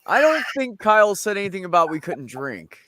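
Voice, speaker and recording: A man's voice: high voice, very animated, fairly quick, bright, forceful tone. A man in a casual online chat, chatty and laughing easily.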